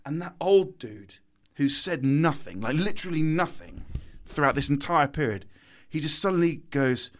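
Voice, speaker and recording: A man's voice: a little high, animated, moderate pace, a bit bright. A man in his thirties, a podcast guest, telling a story casually and animatedly, laughing often.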